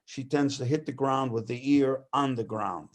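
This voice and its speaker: A man interviewed as a guest, telling lively anecdotes about his mother and laughing often as he talks. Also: mid-range voice, normal speed. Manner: animated anecdotal storyteller; laughs often while talking. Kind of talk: personal storytelling.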